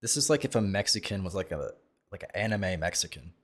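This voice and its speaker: A man with a fairly low voice, talking casually on a live stream as he reacts to a video. He is brash and foul-mouthed, mocks the video's creator, and jumps now and then into loud outbursts. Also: expressive, fast talker. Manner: brash, profane and mocking, with sudden loud outbursts.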